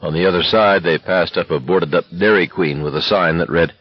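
A man narrates a novel in a very deep, slightly husky voice with a steady, even delivery. The recording is dry and dull, with a lo-fi sound. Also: fairly quick, dry recording. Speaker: audiobook narrator.

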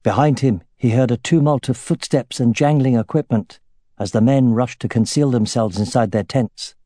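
A man narrating a fantasy audiobook in a measured, steady way. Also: mid-range voice, dry recording, clean studio sound.

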